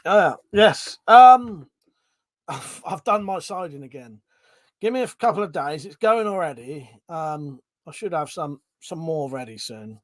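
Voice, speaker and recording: A rambling, chatty man with a Home Counties English accent, hosting a relaxed livestream and chuckling between thoughts. His voice sits a little higher than most men's. It is recorded close and dry, with no room echo. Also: unhurried. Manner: rambling, chatty, chuckles often, swears casually. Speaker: livestream host. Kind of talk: casual livestream chat, reading out viewer comments.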